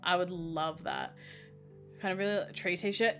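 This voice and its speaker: A woman's voice: lowish voice, steady tone, unhurried, a bit bright. A woman streamer giving let's-play commentary, with gushing, playful asides. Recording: game music behind voice. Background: game music.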